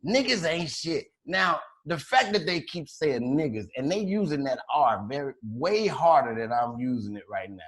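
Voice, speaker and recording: A man's voice: medium pitch, animated, moderate pace, hardly any pauses. A man from Chicago telling a wild story on a podcast in a loose, profane, slangy way, laughing as he goes. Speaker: podcast co-host. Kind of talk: casual storytelling.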